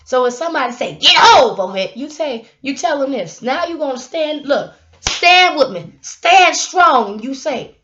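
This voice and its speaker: A young woman, giving a casual motivational talk to her camera, animated and laughing, with sudden loud bursts. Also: high-pitched, a little slow, few pauses, a little hiss or hum. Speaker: YouTube vlogger. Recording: dull lo-fi sound.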